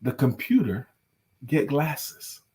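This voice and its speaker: A man co-hosting a casual live-stream chat, telling dad jokes and laughing loudly at them and greeting viewers by name. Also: mid-range voice, sing-song, takes it slowly, husky. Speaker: co-host.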